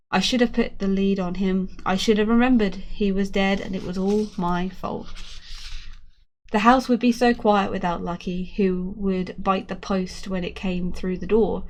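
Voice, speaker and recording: Woman reading a children's novel aloud. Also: mid-range voice. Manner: earnest, expressive first-person reading. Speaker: storyteller.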